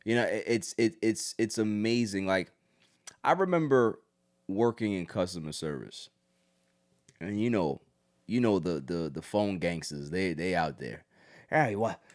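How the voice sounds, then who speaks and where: A man's voice: sits low, animated, measured pace, darkish tone. A man hosting a podcast in casual, blunt chat, swearing freely. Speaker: podcast host.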